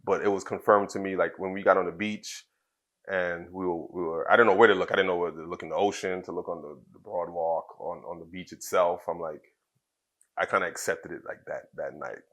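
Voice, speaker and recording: A man from Trinidad, in his thirties, telling a personal story in an interview, soft-spoken and halting, with many fillers and restarts. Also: low-pitched, fairly even intonation. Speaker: wrestler guest.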